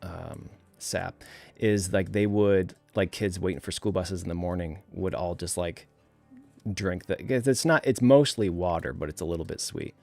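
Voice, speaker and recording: A man with a low, creaky voice and a New England accent hosts a laid-back livestream at a normal pace, reading viewer comments aloud. He's relaxed and chatty, laughing often and using plenty of fillers. The recording is dry, with soft music in the background.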